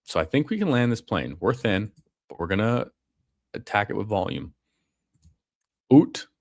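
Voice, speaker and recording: Low-voiced laid-back fantasy football streamer. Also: male voice, sing-song, normal speed, no room sound, clean studio sound. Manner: casual, slangy, calls people bro and man. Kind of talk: casual live commentary.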